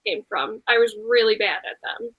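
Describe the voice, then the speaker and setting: A woman's voice: a little high, huge pitch swings, moderate pace, gravelly, phone-quality sound. A woman chatting casually as a guest, talkative and self-deprecating. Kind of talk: casual chat.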